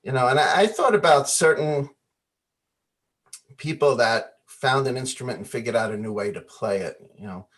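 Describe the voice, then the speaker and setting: Animated storytelling man on a video call. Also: mid-range voice, normal speed. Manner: animated storyteller, acts out quoted voices, laughs often. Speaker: guest musician.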